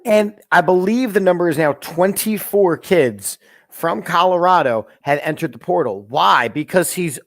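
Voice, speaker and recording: A man co-hosting a casual sports talk show, giving blunt opinions in an animated way. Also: high-pitched, measured pace, dry recording, clean studio sound.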